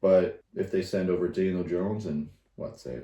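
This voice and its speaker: A man's voice: low-pitched, fairly even intonation, moderate pace, warm tone. A young man co-hosting a casual sports podcast, laid-back and speculative, with many fillers. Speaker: podcast co-host. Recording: roomy echo.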